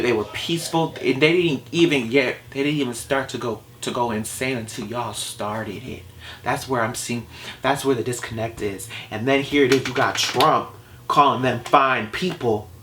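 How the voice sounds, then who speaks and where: A man's voice: mid-range voice, a bit bright. A man talking straight to camera in a vlog, passionate and exasperated, firing off rhetorical questions. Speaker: vlogger. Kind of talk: opinion vlog rant.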